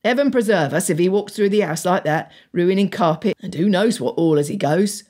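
A woman's voice: fairly low pitch, brisk, darkish tone, natural voice. A woman voicing a flustered, deferential male stable groom.

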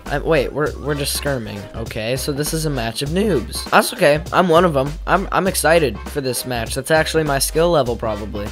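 A young man with a fairly high, slightly bright voice talks over his gameplay as a gaming YouTuber. Using a pop-filtered desk mic at his home gaming setup, he rambles casually, mocks himself, and bursts into sudden exclamations.

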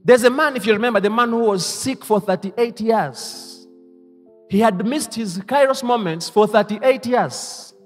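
A man preaching a sermon as pastor, leading the congregation to repeat his lines and moving between hushed asides and loud exclamations. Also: high voice, a little slow, soft background music. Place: church hall. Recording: reverberant church hall.

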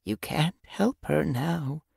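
A kindly old female cat who speaks slowly and soothingly , voiced by a man reading an audiobook. He pitches her well above his own voice and keeps it hushed. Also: big pitch swings, vocal fry, husky, no room sound, studio quality, heavily acted. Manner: soft, slow, soothing.

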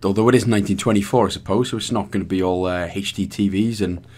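A man's voice: lowish voice, fairly even intonation, fast, a little mellow. A man with a Welsh accent giving chatty, rambling, self-mocking walkthrough commentary as a gaming guide host.

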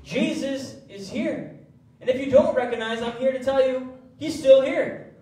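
High-voiced pastor preaching in an echoey hall. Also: male voice, unhurried. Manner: animated preaching with acted quotes. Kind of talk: sermon. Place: church sanctuary. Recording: echoey church hall from far off.

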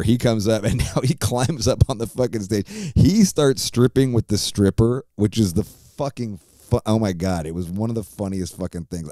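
A man's voice: lowish voice, warm tone, no room sound, clean studio sound. A middle-aged man hosting a podcast, telling a profane, rambling story casually with lots of fillers. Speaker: podcast host.

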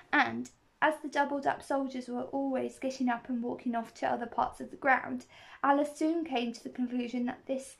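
A woman's voice: high-pitched, creaky. A woman reading a children's novel aloud, steadily, with small slips and restarts. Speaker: reader.

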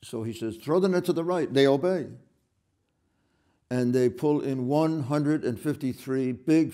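A man giving a retreat sermon, retelling Gospel scenes in a halting way with many restarts. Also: mid-range voice, warm tone.

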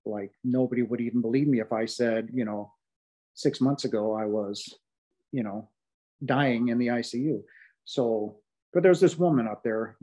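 This podcast guest's medium-pitched, somewhat dark voice comes through with the high frequencies missing. He gives a heartfelt account of his near-death experience, repeatedly restarting sentences and using plenty of fillers.

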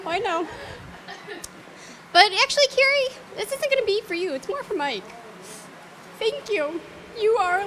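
A middle-aged woman, mother of the bride, giving an emotional wedding toast, halting and laughing as she fights back tears. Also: very high voice, a bit bright, a little hiss or hum. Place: wedding reception.

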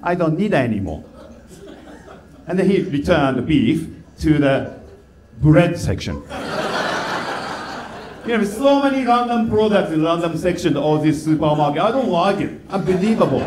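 A man with a Japanese accent doing a stand-up comedy set in halting, simple English, delivering deadpan complaints. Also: fairly high pitch, reverberant, a crowd in the background. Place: comedy club stage.

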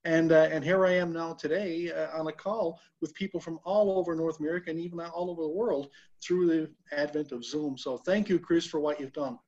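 A man from Newfoundland, Canada, telling his own story on a video call in a rambling, halting way. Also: on the high side, steady tone, a little mellow, highs cut off. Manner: rambling, many fillers and restarts. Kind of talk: casual testimonial.

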